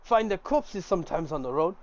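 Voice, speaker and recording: Man voicing a formal, wheedling older circus man, higher voice, bitter, dull recording. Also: expressive, a little fast, lightly acted. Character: bitter older male ex-circus owner, now a mystic.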